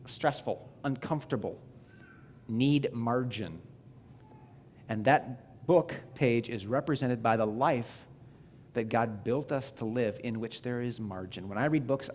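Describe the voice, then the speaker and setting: Pastor preaching in a conversational way. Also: male voice, mid-range voice, a little hiss or hum. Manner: conversational, self-deprecating preaching with restarts. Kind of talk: sermon. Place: church sanctuary.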